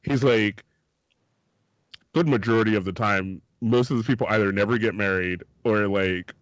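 A man's voice: fairly low pitch, moderate pace, no echo, lo-fi sound. A man co-hosting a podcast, chatting casually, laughing often and acting out the people he quotes. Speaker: podcast co-host. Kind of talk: casual chat.

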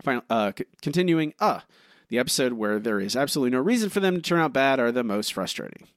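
Animated man co-hosting a podcast. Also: mid-range voice, no echo, clean studio sound. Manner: animated, self-deprecating, halting restarts. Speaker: podcast co-host. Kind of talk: casual podcast chat, reading listener reviews.

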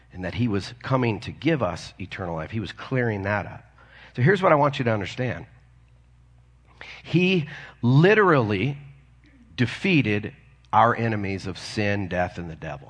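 A man's voice: fairly low pitch, a bit bright, husky. A man preaching a sermon as a pastor, earnest and conversational, asking his listeners questions as he goes. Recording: long reverb of a large hall.

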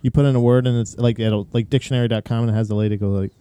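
A man's voice: medium pitch, fairly even intonation, very fast, dark tone, smooth, dry recording. A young man co-hosting a casual chat while reacting to videos, rambling and crude with many restarts.

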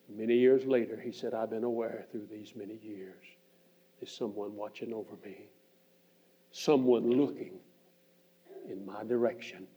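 Older preacher, hushed storytelling. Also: male voice, lowish voice, fairly even intonation, moderate pace, husky. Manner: earnest storytelling, retelling a man's words with long hushed passages. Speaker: visiting preacher. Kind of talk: sermon. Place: church sanctuary. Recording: muffled church archive recording.

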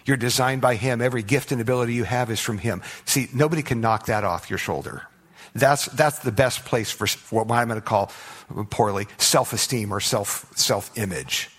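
A man preaching a sermon as pastor, emphatic and rising to loud declarations, asking the congregation rhetorical questions, often stumbling and restarting. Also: medium pitch, moderate pace, breathy edge. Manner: frequent stutters and restarts.

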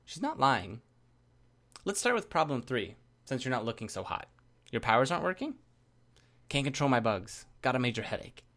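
A man's voice: mid-range voice, big pitch swings, moderate pace, long pauses, a bit bright. A man voicing a smug teenage girl villain who mocks and teases playfully. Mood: teasing. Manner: mocking, playful.

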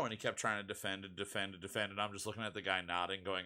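A man's voice: lowish voice, fairly even intonation, fast, few pauses, bright, forceful tone. A man co-hosting a podcast, chatting casually and telling a rambling story full of restarts and asides. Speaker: podcast co-host. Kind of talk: casual chat.

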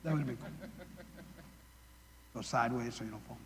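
A man's voice: mid-range voice, fairly quick, pauses often, fairly bright tone. A male preacher giving a casual sermon, chatty and full of "like" and jokey asides. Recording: long reverb of a large hall.

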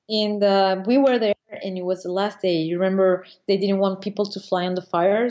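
A woman paraglider pilot from Venezuela, recounting her competitions in a casual interview, animated and laughing often, with many restarts. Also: mid-range voice. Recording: slightly dull lo-fi audio.

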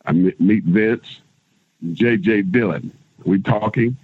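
A husky middle-aged man spins lively road stories, slipping into other people's voices and swearing casually. The sound is dry and close. It comes through a tinny, phone-like line. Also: lowish voice, takes it slowly, no room sound. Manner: animated storyteller, acts out others' lines, casual swearing. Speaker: guest, former pro wrestler. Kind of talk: casual storytelling interview.

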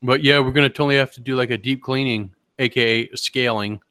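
A man's voice: medium pitch, steady tone, fast talker, bright, forceful tone, clear, resonant tone, no echo, studio quality. A man co-hosting a podcast, telling rambling, profane stories in casual chat. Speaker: podcast co-host.

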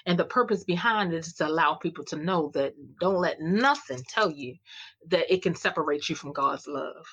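A woman guest telling her faith story in an animated way, acting out the dialogue she recounts. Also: sits low, normal speed, husky, muffled recording. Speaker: guest, clothing line founder. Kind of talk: faith-filled personal testimony.

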